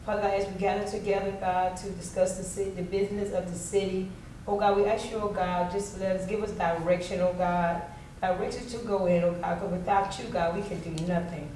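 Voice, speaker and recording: A woman's voice: mid-range voice, fairly even intonation, brisk, warm tone, slight background noise. Fervent woman praying in echoey hall. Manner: fervent, repeating "oh God". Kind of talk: opening prayer at a public meeting. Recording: distant, very echoey chamber.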